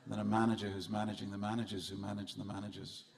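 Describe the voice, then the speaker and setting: A man's voice: fairly low pitch, flat delivery, fast talker, vocal fry, darkish tone. A man giving a festival sermon in a temple hall, telling humorous stories and speaking straight to his audience. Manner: humorous storytelling, addresses the audience directly.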